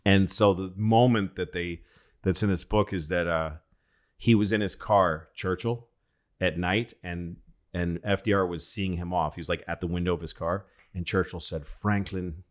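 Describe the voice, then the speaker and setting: A man's voice: sits low, fairly even intonation, moderate pace. A man hosting a comedy podcast, telling rambling, profane history stories in a casual way.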